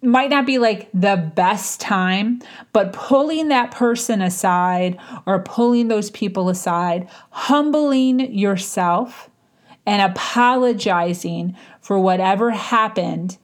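A woman talks through her advice in a loose, unscripted way, full of "like" and "um" and restarted sentences. Her voice sits in an ordinary middle register. She stretches some words slowly and rushes through others, like someone teaching informally off the cuff. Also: mid-range voice. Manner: conversational, frequent fillers and restarts, varied tempo. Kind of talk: casual instructional talk.

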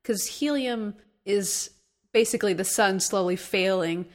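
A woman's voice: medium pitch, unhurried. A woman co-hosting a podcast in casual chat, chatty and giggly as she jumps between topics. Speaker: podcast co-host.

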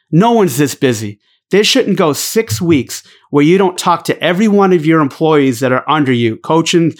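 Middle-aged guy ex-coach going off, cussing a ton, slightly high voice, lots of "you know". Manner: blunt, heavy swearing, many fillers and restarts. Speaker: podcast host and former basketball coach. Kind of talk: profane casual rant.

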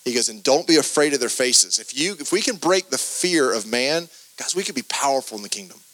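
A man, preaching a sermon and telling a story from his youth, with animated delivery and many repeated starts. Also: medium pitch, fairly quick, dry recording.

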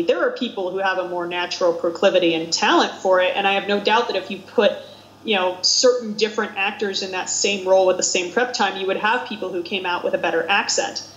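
A woman's voice: medium pitch, fairly bright tone. A woman co-hosting a casual film chat, talking in a chatty, exclamatory way and laughing often. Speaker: podcast co-host. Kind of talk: casual chat about films. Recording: roomy, dull lo-fi sound.

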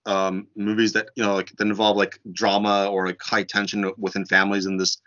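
Low-voiced man explaining, lo-fi sound. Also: fairly quick. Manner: animated, filler-heavy explaining. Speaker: discussion participant. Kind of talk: casual book discussion. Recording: dull lo-fi sound.

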